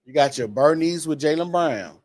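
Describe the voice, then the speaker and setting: A man in casual podcast chat, quick and agreeable, often restarting his sentences. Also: a little high, lively intonation, a little mellow, dry recording. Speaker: podcast co-host.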